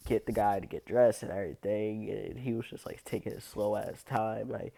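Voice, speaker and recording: A young woman with an unusually low voice, telling a blunt, profane story about her cleaning job in a casual vlog. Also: moderate pace, vocal fry, mellow. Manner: blunt, profane, heavy use of "like", laughs often. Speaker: restroom and locker room cleaner.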